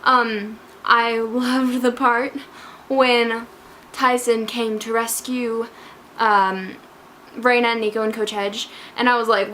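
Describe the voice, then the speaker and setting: A woman's voice: on the high side, fairly even intonation, measured pace, sharp tone, slight background noise. A woman talking through a book she loved in a casual vlog, gushing, scatterbrained and emotional as she jumps between parts. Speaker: book vlogger.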